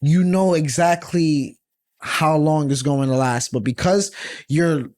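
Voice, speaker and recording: A man co-hosting a podcast, a little tipsy from drinking. He chats casually in a fairly high voice, often halting and restarting his words. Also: darkish tone. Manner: halting, restarts words, says he is slurring from liquor. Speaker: podcast co-host. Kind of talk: casual chat.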